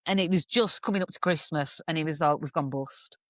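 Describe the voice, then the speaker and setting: A woman speaks as a guest in a casual podcast chat, her voice pitched low and recorded close and dry. She tells her story frankly, with dark humor and plenty of swearing. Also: quick pace, no room sound.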